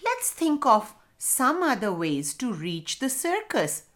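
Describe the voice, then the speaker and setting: Woman voicing a tiny talking letter, high and bright, gentle, encouraging, storybook character. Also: wildly swooping pitch, slow pace, heavily acted. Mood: calm. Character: cheerful talking letter C, small, kind.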